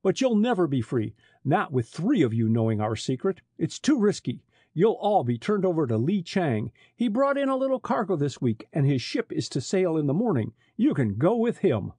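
A man voicing a sneering, surly chief smuggler in an audiobook, with a husky voice. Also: on the high side, sing-song, normal speed, mellow, no room sound, pitched above the performer's own voice, exaggerated voice.

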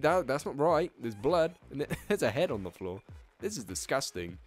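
A young man giving excitable, profane let's-play commentary and laughing often. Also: on the high side, moderate pace, soft background music. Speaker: gaming channel host.

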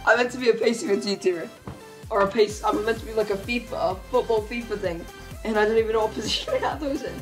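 A woman giving casual, excitable commentary as she opens card packs, calling out reveals and laughing often. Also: medium pitch, quick pace. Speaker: gaming YouTuber. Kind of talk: casual pack-opening commentary. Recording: faint background music.

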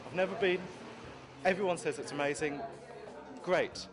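A man's voice: fairly high pitch, moderate pace, music in the background, crowd noise. A man in a casual interview, talking enthusiastically and repeating himself.

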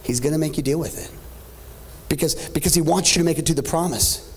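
A man's voice: on the high side, quick pace, a little hiss or hum. A man in his thirties preaching a sermon as pastor, swinging from joking asides to rising, half-sung climaxes. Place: church stage.

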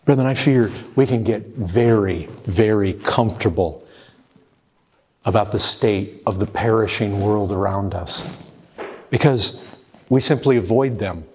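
A man's voice: lowish voice, unhurried, darkish tone, breathy edge. A man preaching an urgent, pleading sermon, often appealing to his listeners as brethren. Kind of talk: fervent sermon.

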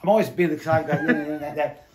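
A middle-aged man and former windsurfer telling stories casually in an interview, animated and acting out quoted voices. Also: a little high, quick pace, soft background music. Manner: animated, swearing, acts out quotes.

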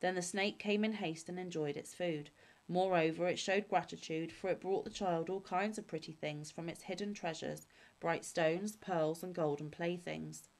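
Woman reading fairy tales, lowish voice, calm and measured. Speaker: storyteller. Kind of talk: fairy-tale read-aloud.

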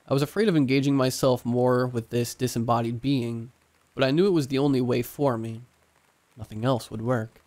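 A man narrating a scripted horror story in a hushed, suspenseful way. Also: mid-range voice, steady tone, moderate pace.

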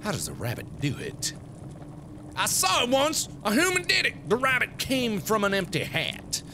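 A man's voice: high-pitched, huge pitch swings, normal speed, noisy background, pitched above the performer's own voice, exaggerated voice. A man voicing a rambling, absent-minded wizard in a game who muses in circles. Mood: musing. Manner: rambling, philosophical musing.

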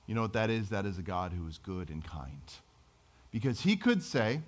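A man's voice: on the low side, sing-song, normal speed. A middle-aged man preaching a sermon as pastor, in a conversational, self-deprecating way with acted-out quotes.

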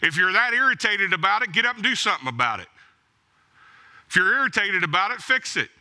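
Bright, lively preaching man. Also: high voice, brisk. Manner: emphatic, exhorting, blunt repeated commands. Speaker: pastor. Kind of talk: sermon. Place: church.

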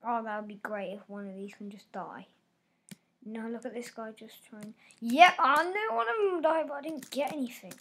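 A woman giving live gameplay commentary, reacting aloud with frequent exclamations and dropping to soft mutters between outbursts. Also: fairly high pitch, normal speed, slightly rough. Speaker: gamer.

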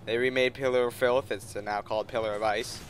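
A man's voice: medium pitch, flat delivery, fairly quick, soft background music. A young man giving casual, joking commentary over a video game, swearing offhand as he plays. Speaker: gameplay commentator.

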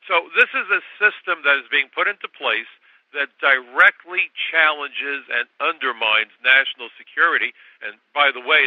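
A man's voice: medium pitch, normal speed, no echo. A man in his sixties, a guest on political talk radio, making his case in an emphatic, insistent way with sarcastic asides. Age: 60s. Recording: dry, tinny phone line.

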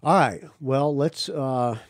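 A man's voice: medium pitch, slow pace, dry recording. A man hosting a podcast in casual chat, rambling and teasing his guest. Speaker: podcast host.

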